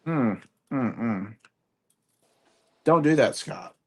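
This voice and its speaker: A man hosting a live online sale, joking and describing items deliberately. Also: medium pitch, expressive, darkish tone, slightly rough. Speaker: auction host.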